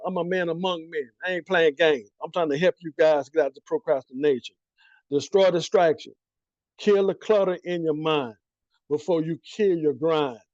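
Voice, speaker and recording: A man's voice: high-pitched, darkish tone, no echo, lo-fi sound. A man giving a motivational pep talk as a coach, preachy and full of slang, repeating his key lines and asking and answering his own questions. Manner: casual slang, talks straight at the listener.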